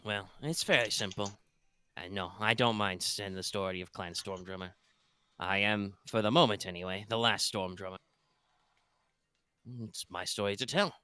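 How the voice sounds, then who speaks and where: A man voicing a gruff, tusked female orc bosun with a gravelly, slightly breathy voice. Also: lowish voice, normal speed, pushed and bright. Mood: solemn.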